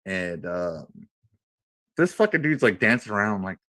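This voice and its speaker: A man's voice: on the low side, unhurried, dry recording. A man in his thirties on a radio panel, telling a crude, rambling story full of swearing. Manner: profane, rambling, animated storyteller. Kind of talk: casual crude banter and storytelling.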